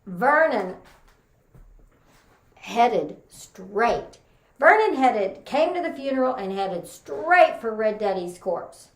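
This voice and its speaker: Slow, lively woman from Texas. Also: a little high, reverberant. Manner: folksy storytelling with Southern sayings. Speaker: contest speaker. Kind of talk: humorous practice contest speech.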